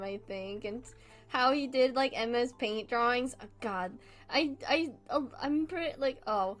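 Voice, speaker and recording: A woman chats with her stream audience while she draws. Her voice sits fairly high, and she talks at a slow, unhurried pace. She giggles often, swears in passing and apologizes a lot, with faint music in the background. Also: poor audio. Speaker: livestreamer drawing for chat. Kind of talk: casual livestream chat.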